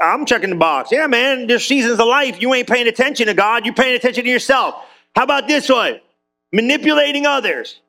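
A man preaching an energetic, conversational sermon in a church, full of quick asides to the congregation. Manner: energetic, conversational, high-spirited with frequent asides. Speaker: pastor.

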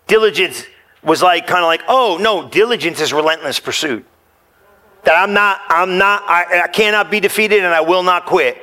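A man preaching a sermon as a pastor, animated and casual, with slang and direct appeals to his listeners. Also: a little high. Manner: animated, casual slang, talks straight to the crowd.

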